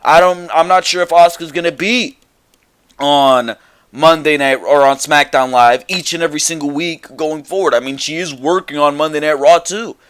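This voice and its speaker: A man hosting a casual review, talking in an animated, exasperated, opinionated way. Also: on the high side, moderate pace, clean tone. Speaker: show reviewer host.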